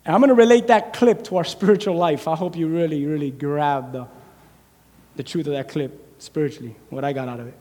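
A man's voice: fairly high pitch, fairly quick, darkish tone. A man preaching a sermon, animatedly acting out the scripture story as he tells it. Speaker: pastor. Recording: long reverb of a large hall.

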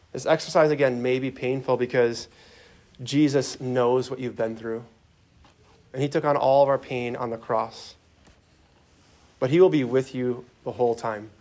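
A man with a mid-pitched voice leads a group through a guided prayer meditation in an earnest sermon style. He talks plainly, with small restarts, and drops to a soft voice for quoted words. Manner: earnest, softens for quoted lines, some restarts.

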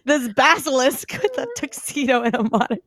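A woman's voice: high voice, animated, brisk, a bit bright, dry recording, studio quality. A woman co-hosting a podcast in casual chat, joking and laughing often. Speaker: podcast co-host.

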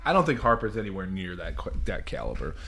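A man in casual chat, telling a story with lots of laughter and quick shifts. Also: low voice, huge pitch swings, vocal fry, fairly bright tone.

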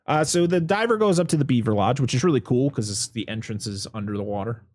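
A man's voice: medium pitch, fast talker, no echo, clean studio sound. A man hosting a casual podcast, recapping a movie plot with sarcastic, swearing asides. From US, lives where beavers are common. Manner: animated, sarcastic, swears, laughs often. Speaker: podcast host reviewing a movie.

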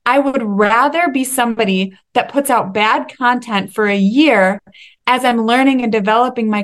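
A young woman hosting a solo faith-based podcast, talking in an excitable, emphatic way and at times laughing or tearing up. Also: on the high side. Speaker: podcast host.

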